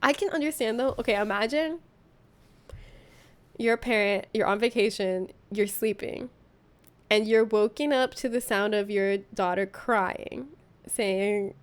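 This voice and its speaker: A woman's voice: medium pitch, a little slow, clean tone. A young woman streamer chatting casually and reacting to posts and chat, giggling often. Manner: chatty, giggles often, jumps into silly voices.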